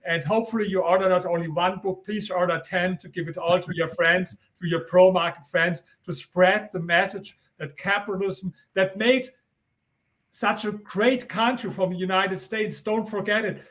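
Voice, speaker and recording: A man's voice: sits high, fairly even intonation, moderate pace, fairly bright tone. An older man with a German accent, a guest author giving earnest, insistent interview answers and repeating his points.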